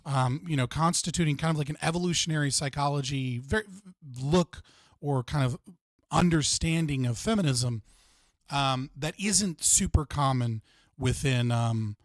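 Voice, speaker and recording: Here a young American man rambles as host of a casual livestream chat, filling gaps with "like." His pitch is fairly high and his speed normal, captured in a dry, clean studio recording.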